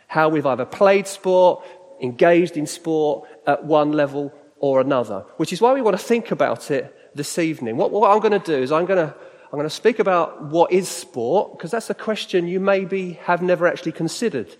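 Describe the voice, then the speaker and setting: A man's voice: fairly high pitch, expressive, moderate pace, a little mellow. Chatty middle-aged man speaking in a hall. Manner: chatty, conversational, asks the audience questions. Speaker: church speaker. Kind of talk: sermon-style talk. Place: church hall. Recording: reverberant hall.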